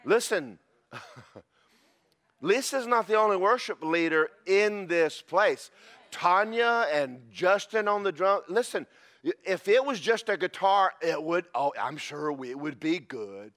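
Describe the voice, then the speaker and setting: A man preaching a sermon as pastor, animated and breaking into shouted praise. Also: high-pitched, a little slow.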